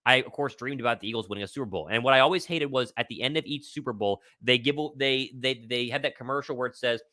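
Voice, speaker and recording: A young man hosting a live sports stream, talking with excitable confidence and reading out viewers' questions. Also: medium pitch, quick pace, dry recording, clean studio sound. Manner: excitable, confident, reads chat questions aloud. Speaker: host of a sports livestream. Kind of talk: live pregame Q&A commentary.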